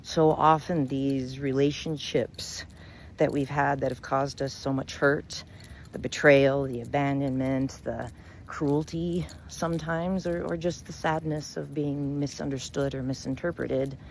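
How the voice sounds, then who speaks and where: A woman storyteller and spiritual reader, telling a fable and reflecting on it in a measured, gentle way. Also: extremely low pitch, fairly even intonation, a little hiss or hum.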